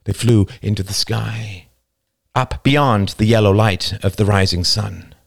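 A man narrating a novel as an audiobook, slow, deliberate and dramatic. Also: lowish voice, vocal fry, no echo.

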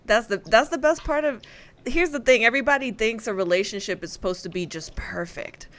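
A woman's voice: a little high, fairly quick. A woman hosting a talk show, chatty and encouraging as she leads into questions with playful asides. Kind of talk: conversational interview.

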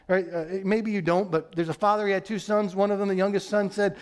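A man preaching a sermon as pastor, earnest and emphatic, sometimes dropping soft and low for stress. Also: fairly even intonation, fast, hardly any pauses. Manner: earnest, emphatic, acts out quoted voices.

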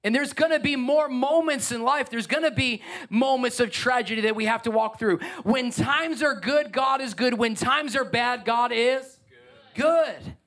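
A male pastor in full sermon mode, his voice sitting high and climbing even higher at his emphatic peaks. He drops into playful asides to the congregation between points. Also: normal speed. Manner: animated, rising to emphatic peaks and joking asides. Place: church sanctuary.

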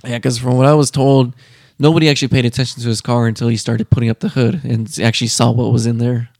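A man chatting casually about a car show, relaxed and plain-spoken, swearing now and then. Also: mid-range voice, fast, dry recording, clean studio sound. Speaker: co-host. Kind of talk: casual chat.

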